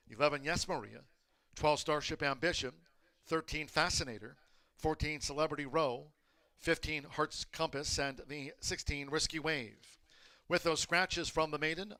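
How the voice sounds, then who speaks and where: A man announcing at a horse racetrack, reading official results and scratches in brisk, clipped phrases and calling the race. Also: fairly high pitch, pushed and bright, smooth, no echo. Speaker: track announcer.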